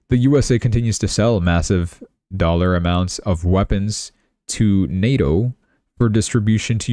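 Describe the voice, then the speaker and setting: A deep-voiced young man rattling through the week's headlines in a casual, chatty livestream style. He tosses off sarcastic asides as he goes, and his voice comes across close and dry at the desk mic. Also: dark tone, no echo. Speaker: crypto and news livestream host. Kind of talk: casual news commentary.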